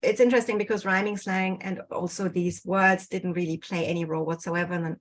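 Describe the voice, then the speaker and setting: A woman's voice: lowish voice, fairly even intonation, fairly quick, low-quality recording. A woman giving an online research talk over a video call, with many fillers and restarts. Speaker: guest researcher. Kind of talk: online presentation. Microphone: computer mic on video call.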